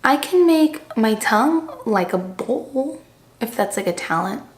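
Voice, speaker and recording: A woman's voice: on the high side, animated, measured pace. Chatty young woman in an echoey room. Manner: chatty, rambling, heavy use of "like". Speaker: vlogger. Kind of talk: casual chat to camera. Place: seated indoors in a room. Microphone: camera mic.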